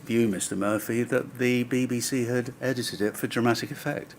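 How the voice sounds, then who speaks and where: A man, counsel at a public inquiry, cross-examining a witness in a measured, probing way. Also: mid-range voice, steady tone, a little hiss or hum. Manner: measured, probing, pressing follow-up questions. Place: public inquiry hearing room.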